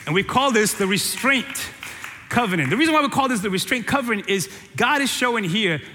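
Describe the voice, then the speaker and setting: High, bright-voiced preacher in a hall. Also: male voice, a little fast, slight background noise. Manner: animated, jokey preaching with a teasing tone and repetition. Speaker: pastor. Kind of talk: sermon. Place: church sanctuary. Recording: long reverb of a large hall.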